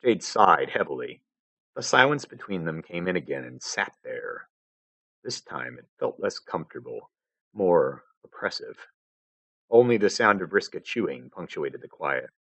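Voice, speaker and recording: Low-voiced man reading a story aloud. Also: a little slow, dry recording. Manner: expressive storytelling narration. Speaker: fanfiction reader. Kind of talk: live reading of fan fiction.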